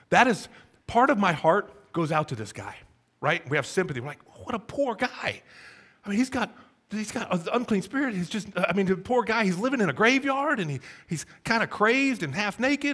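A middle-aged pastor preaching a sermon in a church, acting out scenes and joking with the congregation. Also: male voice, sits high. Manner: animated, folksy, acts out scenes and asides to the congregation. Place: church sanctuary.

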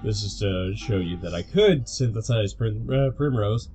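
Laid-back lower-voiced man hosting a let's play. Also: animated, moderate pace, mellow. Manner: laid-back, explains the game between jokes. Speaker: let's play host at the controls. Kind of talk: casual game commentary. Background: game music.

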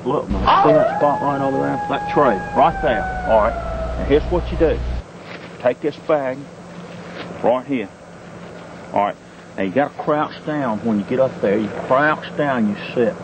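A man's voice: medium pitch, big pitch swings, unhurried, noisy background. A man playing a goofy wildlife-show host with mock bravado and folksy repeated "mate", in an amateur home-video parody recorded outdoors at night. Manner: folksy exaggerated showman talk, repeats "mate".

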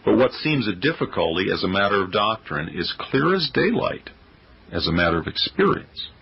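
A man reading an old-fashioned sermon in a solemn, declamatory preaching manner, with a gravelly voice. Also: on the low side, very animated, normal speed. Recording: dull lo-fi audio.

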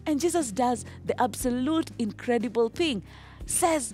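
A woman teaching a children's Bible lesson, telling the story with lively animation, breaking into song and checking in with "okay?". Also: on the high side, a little slow. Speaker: Sunday school teacher.

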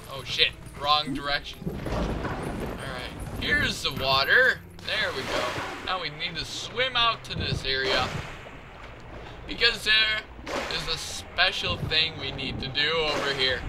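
Goofy, shouty let's play commentator. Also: male voice, a little high, lively intonation, slow pace, background noise. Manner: goofy, jokey, bursts into loud shouts. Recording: game music behind the voice. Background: video game music.

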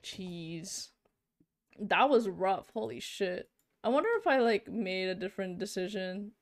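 A young woman plays a narrative game, reading its text aloud and reacting with shocked exclamations and casual fillers. She's a let's-play streamer with a mid-range, unhurried voice.

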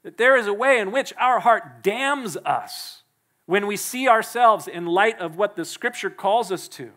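A male pastor preaching a sermon in a church, emphatic and quick to act out the people he quotes. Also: high-pitched, lively intonation, sharp tone. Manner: emphatic, acts out the quoted speakers.

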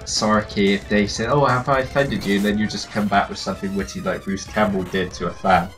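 Lowish guy with a cold, chill gameplay commentary, swears offhand. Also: little pitch movement, a little fast, soft background music. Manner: laid-back, swears casually. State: has a cold, coughing. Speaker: let's play host. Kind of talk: casual game commentary.

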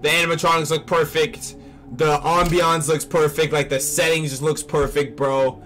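A young man hosting a casual reaction vlog on a desk mic, rambling excitedly and repeating himself. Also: a little high, moderate pace, soft background music. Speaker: channel host reacting to a trailer.

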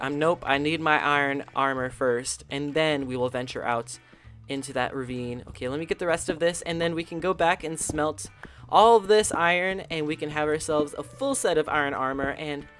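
In a mid-range voice, a channel host chats casually over a game, excitable and full of gasps and soft little coos.

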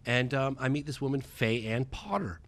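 A man in his forties, a documentary filmmaker, telling a story as a podcast guest and acting out the dialogue in a lively way. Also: medium pitch, no echo. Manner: lively, acts out quoted dialogue, fast and excitable. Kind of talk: animated storytelling in a podcast interview. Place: podcast studio.

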